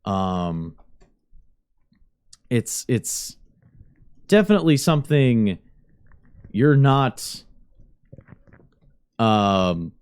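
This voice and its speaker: Slow, halting male game master. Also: on the low side, very animated, darkish tone, clear, resonant tone. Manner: slow, halting descriptive narration. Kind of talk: narrating a tabletop game.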